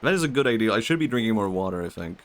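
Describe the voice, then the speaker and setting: A young man with a Swedish accent and vocal fry, chatting softly and musing aloud while streaming a game. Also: on the low side, expressive, very fast. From Sweden. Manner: soft-spoken, musing, talks to chat. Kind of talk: casual game-stream chat.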